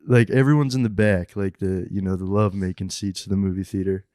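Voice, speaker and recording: Low-voiced young man telling a story. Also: quick pace, dry recording, studio quality. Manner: animated, profane, laughing through the story. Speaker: comedian guest. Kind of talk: casual storytelling chat. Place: podcast studio. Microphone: studio mic.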